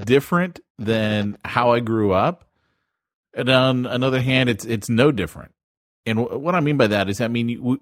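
A man co-hosting a podcast in casual chat, relaxed and reflective. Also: medium pitch, dry recording, clean studio sound. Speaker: podcast co-host.

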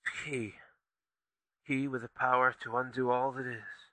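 A man's voice: medium pitch, flat delivery, bright, forceful tone, no echo, rough recording. A man doing a dying man's faint whisper. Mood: weak. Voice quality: faint, breathy near-whisper. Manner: slow, strained and barely audible. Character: dying poisoned man, weak and rotting.

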